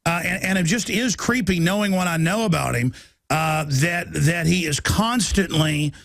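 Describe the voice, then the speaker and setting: A man hosting a talk show interview, talking in halting bursts with stammering restarts. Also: a little high, vocal fry, fairly bright tone, no room sound.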